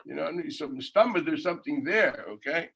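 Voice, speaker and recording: Animated rabbi, lively Talmud class. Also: male voice, on the high side, moderate pace, vocal fry, slightly rough. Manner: animated, storytelling with sudden shouted quotes and laughs. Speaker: yeshiva rabbi teaching Talmud. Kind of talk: informal Talmud class with storytelling. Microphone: teaching over a video call.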